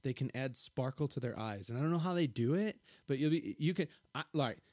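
A man's voice: mid-range voice, brisk, dry recording, studio quality. Wry middle-aged man co-hosting. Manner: wry, playful, swearing, animated retelling. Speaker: podcast co-host. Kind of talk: casual chat recapping a reality show.

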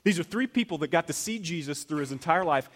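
Animated preaching man, higher pitched. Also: quick pace. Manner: animated preaching, swings from loud to hushed. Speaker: pastor. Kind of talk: sermon. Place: church.

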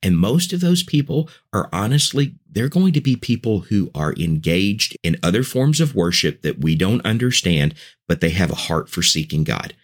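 Male podcast guest, preacher, very deep voice, earnest and persuasive. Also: expressive, normal speed. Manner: earnest, persuasive, building points in lists. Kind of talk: conversational podcast talk.

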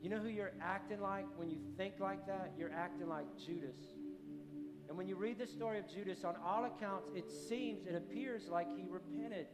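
Driving each point home through repeated declarations, a pastor preaches with passion at normal speed in a voice that sits high. Faint music plays beneath a long hall reverb.

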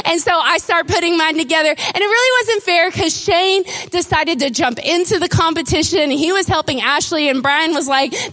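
A middle-aged woman preaching a sermon, telling a lively, animated story. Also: very high-pitched, a little fast. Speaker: pastor.

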